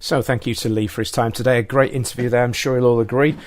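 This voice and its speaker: Casting: male podcast host, upbeat and encouraging, mid pitch, dry close sound. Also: fairly even intonation, quick pace, dry recording. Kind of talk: casual chat.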